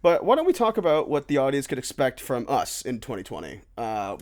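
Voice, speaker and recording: Teasing young man, lively pitch. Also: a little fast. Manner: laid-back, teasing, laughs often. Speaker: podcast co-host. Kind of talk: casual chat.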